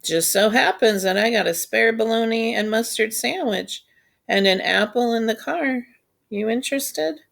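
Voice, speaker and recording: A woman reading aloud, voicing a friendly grown man who gently coaxes a hungry child out of hiding, slow and patient. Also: a little high, gravelly, voice pushed up. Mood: coaxing. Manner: gentle, coaxing, unhurried.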